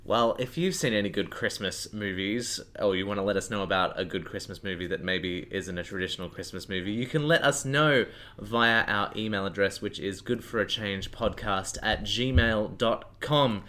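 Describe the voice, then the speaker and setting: Man, podcast co-host, dry, skeptical, very low voice. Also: moderate pace, bright, forceful tone. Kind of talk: casual chat.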